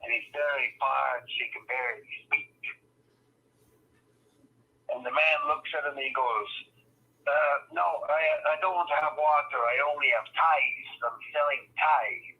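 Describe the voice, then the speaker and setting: A man playing an older Scottish uncle with a put-on Scottish accent, telling long jokes slowly and saying "aye" at every turn. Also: mid-range voice, husky, narrow, tinny audio. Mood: rambling. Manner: says "aye" constantly, slow rambling joke teller. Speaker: trivia guest. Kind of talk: improvised comedy character.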